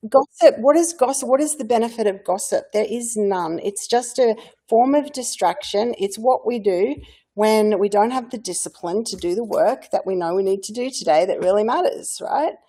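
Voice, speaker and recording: A woman's voice: medium pitch, moderate pace, mellow, breathy edge. A woman hosting a casual group chat on a video call, making her point firmly with rhetorical questions. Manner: firm, lecturing with rhetorical questions.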